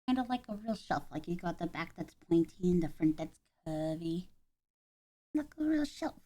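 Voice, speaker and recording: A woman chatting casually while assembling a craft kit, deadpan and ironic, claiming to be calm before bursts of swearing. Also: on the low side, normal speed. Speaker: vlogger building a craft kit.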